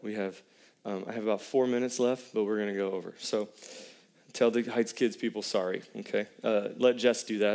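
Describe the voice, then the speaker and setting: A man's voice: fairly low pitch, a little mellow. A man, a pastor preaching a sermon in a conversational way and putting questions to the congregation.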